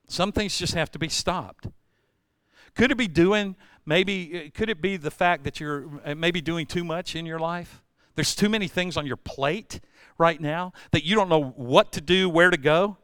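Lively pastor with a bright, clean voice. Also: male voice, a little high, clear, resonant tone, no room sound. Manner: energetic storytelling, jumps between loud and hushed; playful asides and self-deprecating humor. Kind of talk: sermon.

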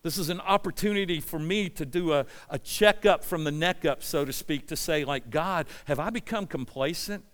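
A passionate male pastor preaching in a church sanctuary, his smooth, resonant voice sitting a little high for a man. He swings between near-shouted urgency and low, quiet storytelling, and a long hall reverb trails every phrase. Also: normal speed, hardly any pauses. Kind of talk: sermon.

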